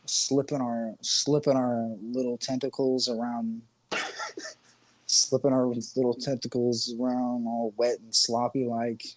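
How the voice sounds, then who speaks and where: Speaking slowly with a flat, medium-pitched delivery, a man co-hosts a podcast. The conversation is crude and casual, full of rambling, swearing, joking and regular bursts of laughter.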